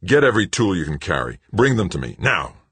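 A man voicing a manic, vengeful male saboteur who shouts, roars and gloats. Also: deep voice, very animated, a little fast, slightly rough, no room sound, full character voice.

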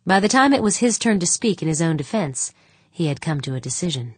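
Low-voiced woman narrating an audiobook. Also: husky, no room sound. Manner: even, measured storytelling. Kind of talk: scripted narration.

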